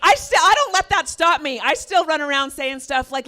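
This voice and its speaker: A woman's voice: high voice, expressive, normal speed, pushed and bright. A woman from the American West doing a stand-up set on a comedy venue stage, with sarcastic, self-mocking punchlines. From American West (Arizona).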